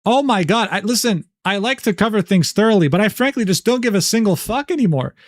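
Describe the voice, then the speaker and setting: A man casually livestreams his commentary while reading drama messages and screenshots aloud, cursing with sarcasm and exasperation. His voice is high-pitched with lively intonation, at a fairly quick pace. The recording is dry and studio quality.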